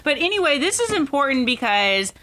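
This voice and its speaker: A woman's voice: sits high, sing-song, a little fast, sharp tone. A woman co-hosting a podcast, retelling a movie's plot in a chatty, sympathetic way. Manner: chatty, sympathetic, agreeing often. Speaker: podcast co-host. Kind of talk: casual movie recap chat.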